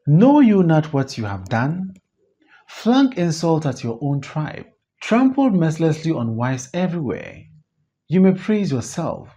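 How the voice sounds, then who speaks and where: An audiobook reader slowly reading a stage play aloud, stage directions included. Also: breathy edge. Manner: slow, measured reading with lively pitch swings. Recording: dull, muffled recording.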